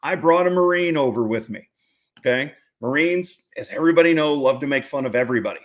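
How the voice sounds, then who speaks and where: A man with a slightly high voice talks fast as an interview guest, a ranch founder telling a story. His manner is folksy and jokey, and he laughs often.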